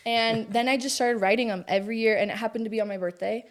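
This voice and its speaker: A woman's voice: fairly high pitch, fairly even intonation, quick pace. A woman in her thirties, a guest in a casual conversation, telling personal stories in a chatty way and laughing easily. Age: 30s.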